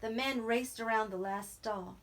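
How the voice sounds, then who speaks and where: A woman reading a novel aloud in a steady, even narrating voice. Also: on the high side, a little slow. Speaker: reader.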